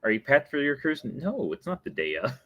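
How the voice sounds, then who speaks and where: A man's voice: medium pitch, big pitch swings, a little fast, fairly bright tone, no echo, lo-fi sound. A young adult man hosting a casual live stream, chatty and playful, often laughing at himself. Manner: playful and chatty, breaks into sung jingle and laughs. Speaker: host.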